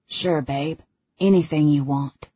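Cocky young guy in a storybook, read by a woman, gruff and clipped, lowish husky voice, kinda muffled recording. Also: fairly even intonation, slow, dark tone, no echo, full character voice. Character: cocky young man, arrogant, strained.

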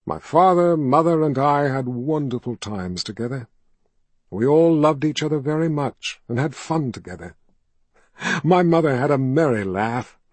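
A man reading an audiobook voices a soft-spoken, sinister male ruler who coaxes a frightened child with false gentleness. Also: medium pitch, expressive, normal speed, dry recording, voice pushed up, natural voice. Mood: coaxing, soothing. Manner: soft, coaxing and indulgent. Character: smooth, soft-spoken male tyrant posing as kind.

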